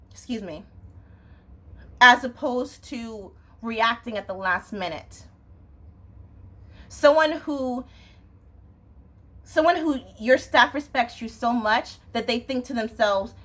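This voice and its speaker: A young woman vlogger vents to camera in a casual, exasperated rant, her voice fairly high and a bit bright. She swears and keeps asking "you know what I'm saying."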